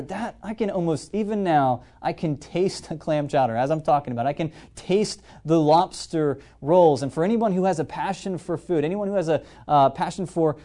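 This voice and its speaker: An energetic man hosting a live marketing webinar. His voice sits a little high but has a dark, mellow tone. He speaks straight to his audience and keeps checking in with them. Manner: energetic, addresses audience directly, frequent "okay?" check-ins. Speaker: webinar host.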